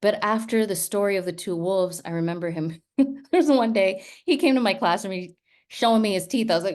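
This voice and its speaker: A woman's voice: mid-range voice, a little fast. A woman who teaches, giving a talk full of stories and often checking in with her listeners. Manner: lively storytelling with frequent "right?" asides. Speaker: teacher and speaker. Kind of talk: storytelling talk.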